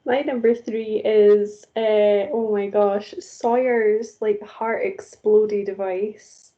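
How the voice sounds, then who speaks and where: A woman co-hosting a casual podcast chat, quick to laugh and blunt, swearing freely in short reactions. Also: medium pitch, steady tone, muffled recording. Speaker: guest co-host.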